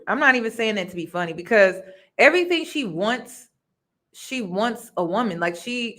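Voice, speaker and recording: A woman's voice: fairly high pitch, a bit bright. Chatty woman reviewing a reality show. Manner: chatty and emphatic, repeats points, addresses viewers as y'all. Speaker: reaction video host. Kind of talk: casual commentary on a reality show.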